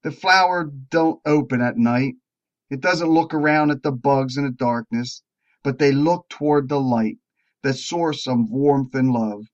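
Slow-telling preacher man, muffled recording. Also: medium pitch. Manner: slow, drawn-out telling with emphatic rises. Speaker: preacher at a recovery meeting. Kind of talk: sermon storytelling. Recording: dull lo-fi recording.

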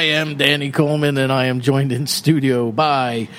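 A man's voice: medium pitch, a little slow. A man hosting a radio show in a studio, joking and laughing often between announcements. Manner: jokey, laughs often, lively announcer delivery. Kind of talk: casual studio radio chat.

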